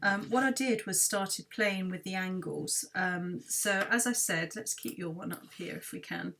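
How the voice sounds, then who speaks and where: A woman, a garden designer, walks a client through a design review in a friendly, thinking-aloud way with many pauses. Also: lowish voice, creaky, fairly bright tone, distant mic.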